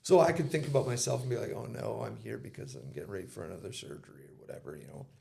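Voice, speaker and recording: A man's voice: on the low side, sing-song, very fast, gravelly, warm tone, a little hiss or hum. A man giving an interview, telling a personal story and retelling conversations in casual quoted speech. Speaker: interview guest.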